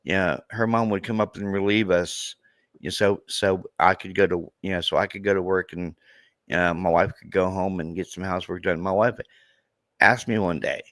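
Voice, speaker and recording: A man in his thirties talking in a halting, emotional way in a podcast conversation, near tears and repeating himself. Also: deep voice, steady tone, fairly bright tone, no room sound, studio quality. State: tearful. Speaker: true crime content creator.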